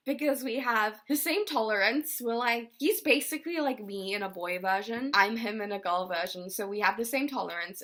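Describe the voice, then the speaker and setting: A woman's voice: mid-range voice, bright, forceful tone. A young woman vlogging to camera indoors, telling a story casually with lots of swearing and laughs. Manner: chatty, swears often, laughs between lines.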